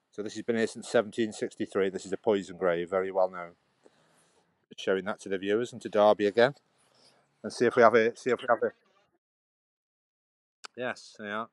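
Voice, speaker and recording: A man's voice: lowish voice, steady tone, fairly quick, long pauses, no room sound. A man vlogging casually while walking outdoors through a churchyard, chatting in a rambling way with frequent restarts.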